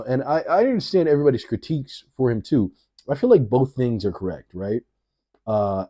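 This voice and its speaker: A man's voice: fairly low pitch, mellow. A man reacting to a video in casual, rambling commentary, swearing freely and often laughing as he talks.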